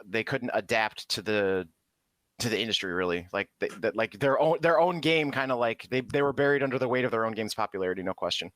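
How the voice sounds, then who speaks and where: A man's voice: on the low side, animated, fast, a bit bright. A man co-hosting a podcast in casual chat, blunt and opinionated, swearing freely. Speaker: podcast co-host.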